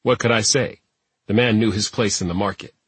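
A man reading an audiobook narration in a steady, even manner. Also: lowish voice, a little fast, husky, no room sound. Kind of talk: scripted narration.

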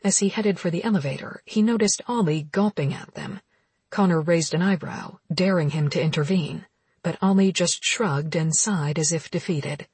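A woman narrating a romance novel as an audiobook in steady, intimate storytelling. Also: lowish voice, normal speed, breathy edge, dry recording.

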